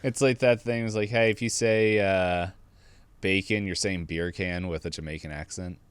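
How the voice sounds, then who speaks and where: A man's voice: low-pitched, steady tone, normal speed, clean tone, dry recording. A young adult man co-hosting a podcast, chatting casually, rambling and laughing often. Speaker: podcast co-host. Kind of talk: casual chat.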